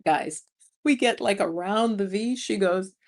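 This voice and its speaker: A New York City woman in her 50s, a vlogger, hosts a casual livestream on a streaming mic, chatting and laughing while reading viewer comments. Her mid-range voice is unhurried, and she's a chatty, animated storyteller who laughs often.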